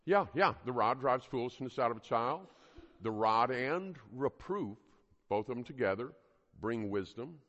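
A man's voice: mid-range voice, expressive, a little slow, fairly bright tone, muffled recording. A man teaching a parenting class to a live group, earnest and emphatic, often putting questions to the audience. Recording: long hall reverb.

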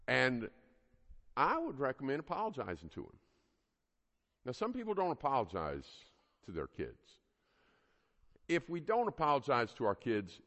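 A man's voice: medium pitch, a bit bright. A man teaching a parenting class to a live group, earnest and emphatic, often putting questions to the audience. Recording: long hall reverb.

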